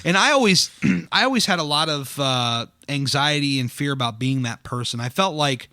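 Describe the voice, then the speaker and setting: Guy rambling through old stories on his podcast, self-deprecating, bright voice, no room echo at all. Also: fairly high pitch, lively intonation, moderate pace, clean studio sound. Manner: rambling storyteller, self-deprecating, frequent fillers. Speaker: podcast host. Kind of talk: casual chat. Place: dining room.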